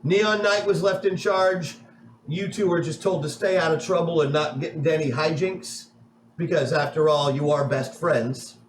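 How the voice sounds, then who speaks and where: A man's voice: a little high, fairly even intonation, normal speed, echoey room, a little hiss or hum, rough recording. A man narrating a tabletop game as game master in a playful, rambling way.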